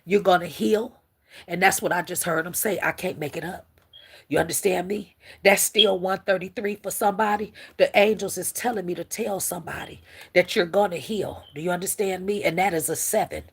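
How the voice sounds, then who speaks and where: A woman's voice: lowish voice, fairly quick, husky. A woman hosting a spiritual livestream, teary and preacherly, talking straight to her viewers. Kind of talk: casual spiritual livestream talk.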